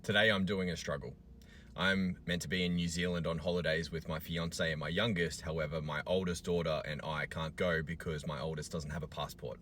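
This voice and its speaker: A man's voice: rumbling low, flat delivery, a little fast, hardly any pauses, fairly bright tone, slight background noise. A man in his thirties with an Australian accent, a single father venting angrily in a vlog and swearing often. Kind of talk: emotional vlog rant.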